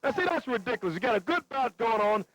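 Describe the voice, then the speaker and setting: A man doing excitable play-by-play for a wrestling match. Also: very high voice, fast talker. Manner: excitable, exclaiming calls. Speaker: play-by-play announcer. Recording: noisy lo-fi TV broadcast.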